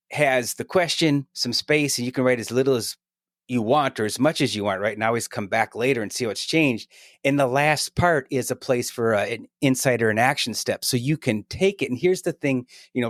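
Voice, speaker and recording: Middle-aged guy chatting on a podcast, energetic, keeps saying "right?", mid pitch. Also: no room sound, studio quality. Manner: energetic, chatty, often adds "right?" to his points. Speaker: podcast guest. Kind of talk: casual podcast conversation.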